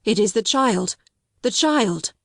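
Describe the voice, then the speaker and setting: A woman reading the part of a frail older invalid gentleman, breathless and urgent. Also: mid-range voice, animated, slow pace, gravelly, dry recording, studio quality, full character voice.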